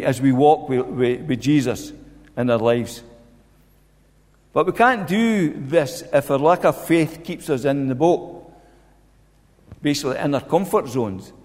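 A man delivers a sermon in an earnest, insistent way, circling back to repeat his main points. His voice sits a little higher than most men's. A long reverb trails behind him, as if in a large hall. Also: darkish tone. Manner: earnest, repeats key phrases for emphasis. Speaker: preacher.

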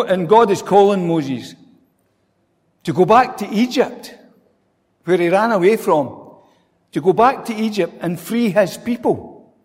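A man's voice: high voice, a little mellow. A man preaching a sermon in a conversational way, asking rhetorical questions. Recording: long hall reverb.

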